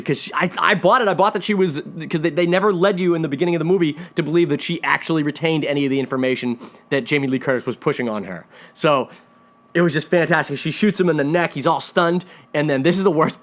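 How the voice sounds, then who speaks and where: A man's voice: on the high side, quick pace. A man giving a casual, rambling spoiler recap of a movie he reviews, talking enthusiastically with frequent restarts.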